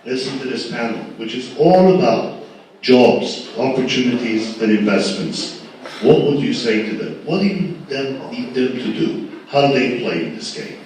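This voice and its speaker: A man moderating a panel at a live event, speaking forcefully with repeated rhetorical questions. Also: medium pitch, lively intonation, normal speed. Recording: echoey hall from far off, noisy.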